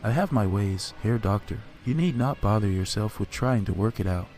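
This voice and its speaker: A man voicing a cold, superior artificial male being kept in a tank, speaking in a calm, precise, faintly tinny way. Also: lowish voice, normal speed, lightly acted. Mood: condescending.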